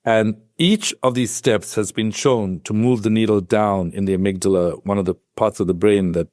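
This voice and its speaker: Guy psychiatrist on a podcast, lively storyteller, dry close sound. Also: fairly low pitch, no room sound. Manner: animated storyteller, acts out quoted voices; explains step by step like a teacher. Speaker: psychiatrist guest. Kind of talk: conversational podcast interview.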